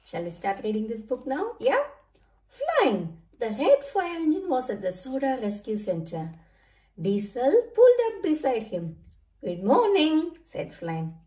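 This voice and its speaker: A woman reading a children's picture book aloud in a slow, sing-song storytelling manner. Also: fairly high pitch, huge pitch swings, mellow. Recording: echoey room, mic far off.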